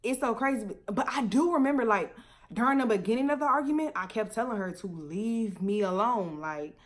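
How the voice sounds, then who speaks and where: A young woman vlogger telling a story in a casual, animated way, laughing often and swearing freely. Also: fairly high pitch, a little fast.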